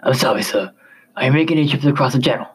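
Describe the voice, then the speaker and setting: A man's voice: medium pitch, rapid-fire, slightly rough. A man voicing a young traveler who stays polite while holding back his irritation. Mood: impatient. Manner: polite but impatient.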